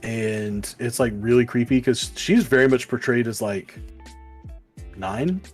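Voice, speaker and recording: A man's voice: medium pitch, a little slow, slightly rough, soft background music. Rambling man reviewing comics. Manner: rambling, many fillers, acts out quoted lines. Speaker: podcast co-host. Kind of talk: casual comic book review chat.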